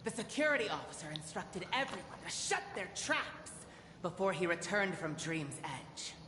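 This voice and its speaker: A woman's voice: lowish voice, animated, normal speed, echoey room, background noise, close to an everyday voice. A woman voicing an impatient female gang enforcer in a game, bossy and snappish. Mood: brusque.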